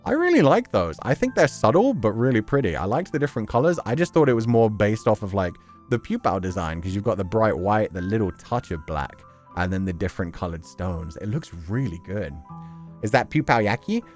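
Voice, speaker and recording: A man's voice: lowish voice, big pitch swings, fairly quick, soft background music. A man chatting casually on a live stream, reacting to fan art and laughing often.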